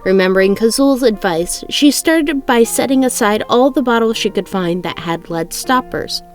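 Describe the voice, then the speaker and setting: A woman's voice: fairly high pitch, animated, moderate pace, soft background music. A woman reading a novel aloud chapter by chapter in a casual way, often correcting herself mid-sentence. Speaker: reader of a book aloud. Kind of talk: casual read-aloud narration.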